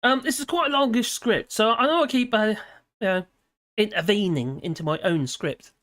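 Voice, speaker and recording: A woman's voice: mid-range voice, normal speed, a bit bright, no echo, studio quality. A British woman hosting a live stream, talking casually and wandering off topic, mixing scripted commentary with chatty asides. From United Kingdom. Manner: digressive and chatty, laughs often, reads chat messages aloud. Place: room at home with a model airplane hanging behind.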